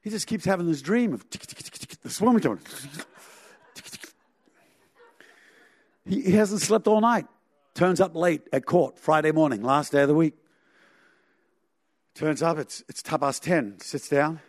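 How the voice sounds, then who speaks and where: Lively storytelling preacher, man. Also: a little high, moderate pace, no room sound. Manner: animated storyteller with sound effects and chuckles. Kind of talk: sermon storytelling.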